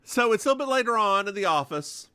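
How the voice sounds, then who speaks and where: A man's voice: sits high, fast, clear, resonant tone, no room sound. A man co-hosting a podcast, chatting casually as he recaps a TV episode, slipping into voices for quotes and swearing freely. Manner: animated, acts out quotes in voices. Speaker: podcast co-host.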